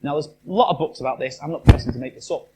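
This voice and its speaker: A man's voice: on the high side, racing, darkish tone, slight background noise. A man giving a chatty live talk to an audience as a motivational speaker, often asking the room questions. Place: live event venue.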